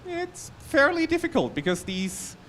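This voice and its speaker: Here the German-accented conference speaker sounds extremely high-pitched, very animated, and bright, yet he takes his time. He is giving a technical talk in a conference hall, rambling a little with restarts and asides, over a slight background hiss or hum.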